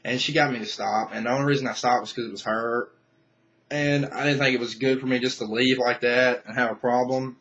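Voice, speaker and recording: A man's voice: mid-range voice, steady tone, fairly quick, a bit bright, highs cut off. A young man venting to camera in a casual vlog rant, angry and profane, rambling with many restarts. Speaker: vlogger.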